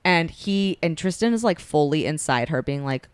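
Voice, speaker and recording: A young woman with a low, smooth voice chats casually on a podcast while retelling a romance plot. She slips into the characters' lines as she goes, and the sound is dry and close to the mic. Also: lively intonation, normal speed, dry recording. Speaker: podcast co-host.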